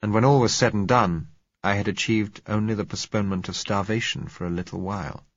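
A man narrating a novel in the first person, measured and reflective. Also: on the low side, fairly even intonation, no echo, dull audio.

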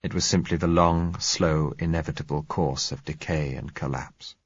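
A man narrating a novel in first person, in a measured, reflective way. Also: a bass voice, fairly even intonation, slightly rough, no room sound, dull audio. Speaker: audiobook narrator.

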